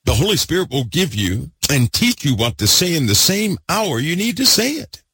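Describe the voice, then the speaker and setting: A man preaching a fervent sermon, repeating himself and swinging between loud bursts and hushed asides. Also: on the high side, sing-song, moderate pace, breathy edge, no room sound.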